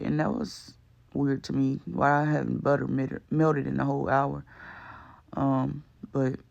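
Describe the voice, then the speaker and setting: Guy doing a rambly slangy cooking voiceover, kinda gravelly, mid pitch. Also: lo-fi sound. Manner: chatty, slangy, rambling with fillers. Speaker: cooking vlog host. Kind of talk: casual voice-over narration.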